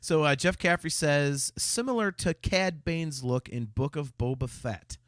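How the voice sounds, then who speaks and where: The voice is a man's, somewhat high and a bit bright, delivered unhurriedly in a dry, studio-quality recording. He co-hosts a relaxed fan podcast, where his casual talk is hesitant and stammering, with frequent restarts and viewer comments read out.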